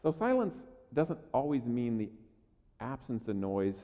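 This sermon comes from a pastor with a mid-range voice and big pitch swings, speaking unhurriedly in a loose, conversational style. He drops to near-quiet asides, then pushes louder for emphasis, often stammering and repeating words as he restarts. The dull, lo-fi recording catches his voice ringing through a long, echoey hall.

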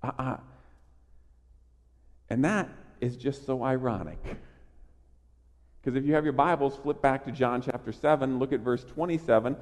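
A man preaching a sermon in an emphatic, animated way, often restarting his phrases. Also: mid-range voice, moderate pace, long pauses, in a large hall. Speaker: pastor.

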